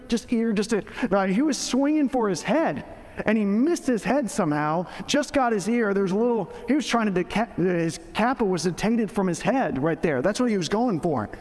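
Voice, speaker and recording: A man's voice: high voice, darkish tone, long reverb tail. A man preaching a sermon in a casual, joking way, often restarting his sentences. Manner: conversational, joking, with frequent restarts. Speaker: pastor.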